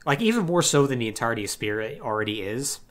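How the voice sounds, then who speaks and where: A man's voice: mid-range voice, very animated, fast, fairly bright tone. A young man co-hosting a podcast, recapping a game story in a loose, wry way full of "like". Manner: loose and wry, peppered with "like", mimics characters. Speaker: podcast co-host.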